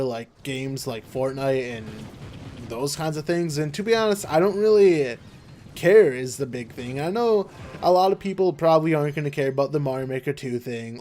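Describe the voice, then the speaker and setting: A young man streaming a game live, chatting casually in a flat monotone with lots of fillers and restarts. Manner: flat monotone, low-energy delivery; rambling with many fillers and restarts. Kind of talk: casual live-stream chat while gaming.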